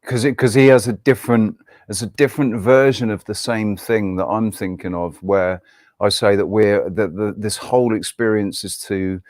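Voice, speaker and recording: A man in a casual group discussion, talking haltingly and restarting often as he searches for words. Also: fairly low pitch, steady tone, a little mellow, no room sound, studio quality.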